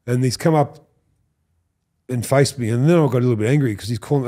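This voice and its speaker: He talks fast at a medium pitch: an Australian former rugby league player in his fifties, appearing as a podcast guest. In this casual storytelling chat he animatedly acts out quoted people, swears, and laughs.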